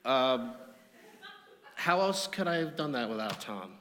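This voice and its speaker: A man's voice: medium pitch, sing-song, measured pace, noisy background. Man telling funny stories in a reverberant hall. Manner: humorous, anecdotal storytelling. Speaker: eulogy speaker. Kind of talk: memorial eulogy.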